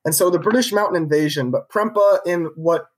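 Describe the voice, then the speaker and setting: With a high-sitting voice and a brisk pace, this man narrates history as a podcast co-host. He tells the story in a casual, conversational manner, stumbling through many fillers and restarts.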